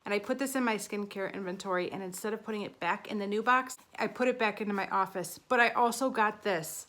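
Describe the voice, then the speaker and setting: A woman's voice: medium pitch, brisk, hardly any pauses, fairly bright tone. A woman in her thirties talking casually to the camera as a beauty vlogger, chatty and a little flustered as she counts out her numbers.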